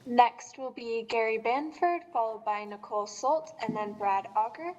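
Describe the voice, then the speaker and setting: A woman chairing a council meeting, calling the next speakers in a measured, formal way. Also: a little high, darkish tone, dull audio. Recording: long hall reverb.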